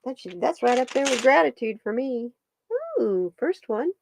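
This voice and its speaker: Woman stream host, casual and chatty, lively pitch, higher voice. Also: moderate pace, gravelly, a little hiss or hum. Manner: chatty, talks to her pets and viewers. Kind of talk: casual chat reading stones and cards.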